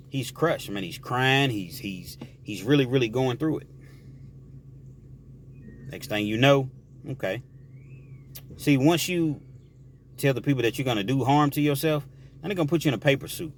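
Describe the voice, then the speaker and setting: A man's voice: mid-range voice, a little hiss or hum. Man telling a prison story. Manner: animated, explaining, talks straight to the listener. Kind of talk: casual storytelling about prison life.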